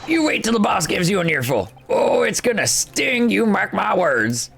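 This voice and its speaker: A man voicing a boisterous, fawning gas company worker for a game, rowdy and excitable. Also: sits high, moderate pace, vocal fry, exaggerated voice. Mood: boastful.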